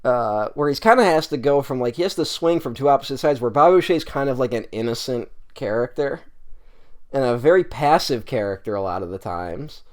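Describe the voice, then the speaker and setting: A man's voice: mid-range voice, animated, a little fast. A man co-hosting a movie podcast, reviewing a film in casual chat, rambling with lots of ums and laughing often. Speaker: podcast co-host.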